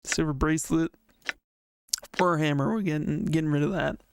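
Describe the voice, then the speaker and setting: A man chatting casually while streaming a game, thinking out loud and reading the game text aloud. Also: fairly high pitch, steady tone, moderate pace, gravelly, clear, resonant tone, no room sound. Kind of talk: casual let's-play commentary.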